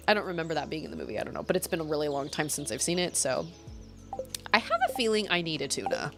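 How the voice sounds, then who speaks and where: A woman's voice: low voice, expressive, quick pace, music in the background. Chatty woman streamer thinking aloud. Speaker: gaming streamer. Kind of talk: casual chat while gaming.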